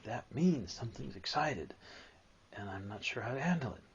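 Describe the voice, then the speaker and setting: A man giving a live spiritual talk to an audience, animated and storytelling, at times acting out a whining child. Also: mid-range voice, moderate pace, muffled recording.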